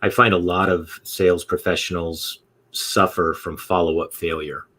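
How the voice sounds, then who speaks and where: A man hosting a casual interview, relaxed and rambling with many fillers. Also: deep voice, moderate pace, slight background noise. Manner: relaxed, rambling, full of "you know" fillers. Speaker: podcast host.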